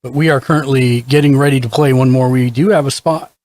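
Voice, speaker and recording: A man's voice: medium pitch, fairly even intonation, fairly quick, darkish tone, no room sound. A man hosting a live game stream, upbeat as he greets viewers and reads chat aloud. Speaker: streamer host.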